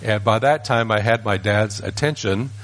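An older man with a lowish voice tells a family story from his boyhood. He speaks in a folksy, unhurried way and sometimes pauses to correct himself mid-sentence. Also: fairly bright tone. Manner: folksy, unhurried, with small restarts. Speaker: grandfather telling a family story. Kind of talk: personal storytelling.

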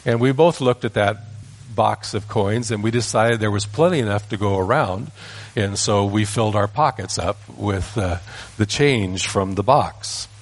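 An older man with a lowish voice tells a family story from his boyhood. He speaks in a folksy, unhurried way and sometimes pauses to correct himself mid-sentence. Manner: folksy, unhurried, with small restarts. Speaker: grandfather telling a family story. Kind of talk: personal storytelling.

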